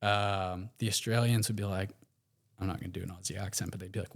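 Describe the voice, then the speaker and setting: A man with an American accent talks as a guest on a podcast, in a casual storytelling manner that wanders and restarts. His voice sits somewhat low. He fills pauses with loose, easygoing asides. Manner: relaxed, rambling, many fillers and restarts.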